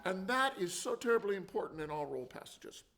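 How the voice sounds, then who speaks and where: A man's voice: high-pitched, sing-song, brisk, over loud music. A man teaching a percussion lesson, explaining and counting out drum rhythms. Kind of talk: instructional demonstration. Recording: loud drumming and clicks behind.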